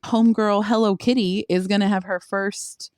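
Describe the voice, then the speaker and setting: A young woman co-hosting a casual podcast, animated and laughing often as she chats. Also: medium pitch, moderate pace, smooth, no room sound, studio quality. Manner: excitable, laughs a lot, animated disbelief. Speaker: podcast co-host. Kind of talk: casual chat.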